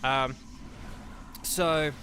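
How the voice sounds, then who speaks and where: Slightly high-pitched and sharp-toned, this English streamer keeps a fairly even intonation and draws out his words, with a bit of background noise present. He talks casually to viewers as he plays, distractible and full of ums and restarts.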